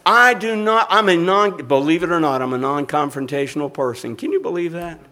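A man's voice: a little high, brisk, bright, forceful tone. An older man preaching a sermon, rising and falling in intensity and calling for amens. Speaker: pastor.

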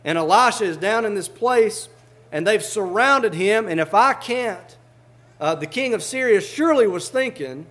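A man's voice: high-pitched, animated, normal speed, fairly bright tone. A man preaching a sermon, fervently reading old scripture aloud and explaining it in plain everyday words.

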